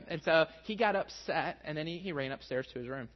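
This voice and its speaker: High-voiced pastor in a big echoing hall. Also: male voice, fairly quick, hardly any pauses, slight background noise. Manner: self-mocking, storytelling. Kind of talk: sermon with personal story. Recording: dull sound with long hall reverb.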